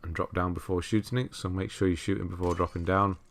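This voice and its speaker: A man giving relaxed, chatty commentary over a game walkthrough, laughing at himself and correcting his own words. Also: low-pitched, fast talker, gravelly. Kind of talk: casual gameplay commentary.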